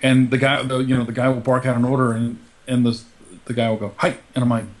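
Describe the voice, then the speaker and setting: A young man co-hosts a relaxed podcast conversation. His voice sits at an ordinary middle pitch, and he talks in an easygoing, animated way, dropping into little acted-out quotes. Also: fast talker. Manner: chatty, animated retelling with put-on quotes. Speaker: podcast co-host. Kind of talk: casual chat.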